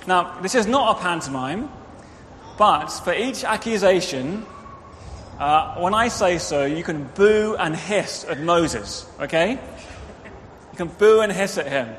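Male preacher, high lively voice, children's talk, reverberant church. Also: a little slow, slight background noise. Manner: animated, directs children, acts out quotes. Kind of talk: interactive children's sermon. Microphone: microphone. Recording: reverberant hall, faint ambience.

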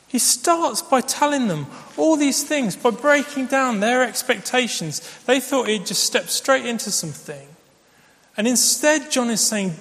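A man's voice: sits high, lively intonation, unhurried, creaky, a bit bright. A man preaching a sermon, telling stories in a conversational way with fillers. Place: church. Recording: long reverb of a large church.

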